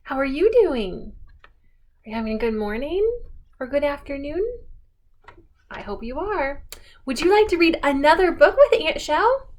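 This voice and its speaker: A woman telling picture-book stories to a young child in an animated, coaxing sing-song, often pausing to ask questions. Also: high voice. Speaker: children's storyteller.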